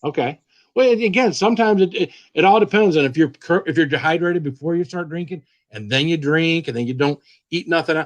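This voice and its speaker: Live stream host, male, slightly higher voice, easygoing chat, greets everyone by name. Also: a little fast, dull audio. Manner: greets viewers by name, repeats himself, relaxed and chatty.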